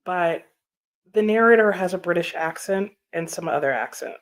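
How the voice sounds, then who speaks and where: A woman hosts a live reading sprint stream, chatting casually, laughing a lot and reading viewers' comments aloud as she answers them. Her voice is medium-pitched, and she speaks at a measured pace with frequent pauses.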